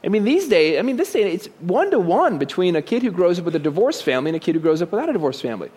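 A man's voice: high voice, very animated, racing, darkish tone, breathy edge. A man giving a conversational sermon, asking rhetorical questions and dropping joking asides. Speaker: preacher.

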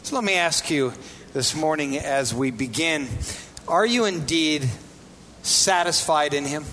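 Brief: male pastor, high voice, questioning sermon delivery, long hall reverb. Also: expressive, measured pace, bright, forceful tone. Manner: asks the congregation rhetorical questions. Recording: reverberant hall, faint background noise.

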